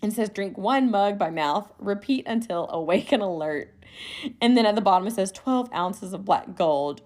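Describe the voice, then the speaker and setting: Chatty, laughing woman podcast host. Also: medium pitch. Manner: chatty, animated, laughs often. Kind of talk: casual solo podcast chat.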